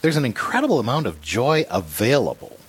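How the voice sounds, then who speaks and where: A man earnestly recounting a painful hospital stay in a conversation about faith, halting and restarting as he talks. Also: medium pitch, sing-song, slightly rough. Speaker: guest sharing a personal story.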